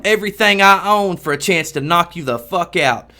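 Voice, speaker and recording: A man reading out the lines of a hot-headed, foul-mouthed man spoiling for a fight, in a raised, louder voice. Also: sits high, lively intonation, moderate pace. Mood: taunting. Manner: aggressive, profane taunts.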